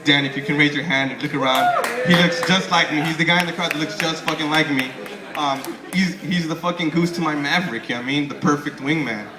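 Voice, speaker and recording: In an echoey comedy club, with the audience laughing and crowd noise around him, a young man delivers a stand-up set. He talks fast at a fairly high pitch, rambling, cursing and stumbling through restarts.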